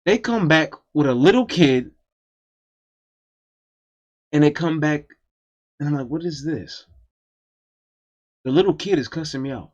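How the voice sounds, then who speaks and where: A man's voice: fairly high pitch, animated, normal speed, pauses often, darkish tone, highs cut off. A man telling a personal story in a casual, profane and emphatic storytime monologue.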